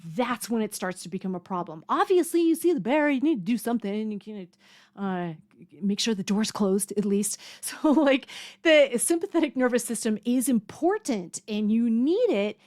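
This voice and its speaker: A woman's voice: fairly high pitch, lively intonation, moderate pace, darkish tone. A woman giving a casual health lesson in a chatty way, full of fillers and restarts. Now and then she acts out a startled, panicky voice to make a point. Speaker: health coach. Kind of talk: casual educational talk. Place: home near a mountain lake.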